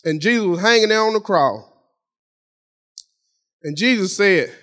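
A middle-aged man delivers a sermon in a notably high voice. He preaches in a folksy, conversational manner, speaking directly to his congregation. He repeats key phrases again and again for emphasis. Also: lively intonation, a little slow, pauses often, fairly bright tone. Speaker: pastor.

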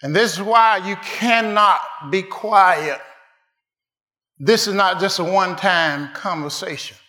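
High, bright-voiced shouting preacher. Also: male voice, takes it slowly, roomy sound. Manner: preaching with shouted climaxes and sudden hushed drops. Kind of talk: sermon.

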